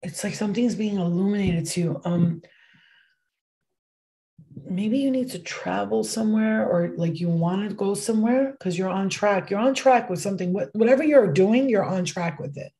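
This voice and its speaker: A woman's voice: medium pitch, moderate pace, warm tone. A woman giving a casual livestream tarot reading, chatty and rambling, swearing casually as she goes. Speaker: tarot card reader.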